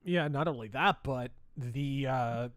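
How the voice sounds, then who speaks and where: A man's voice: medium pitch, unhurried, no echo. A man live-streaming a shooter game, chatting bluntly and swearing as he plays and answers viewers. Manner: profane, blunt, laughs easily. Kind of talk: casual live-stream chat while gaming.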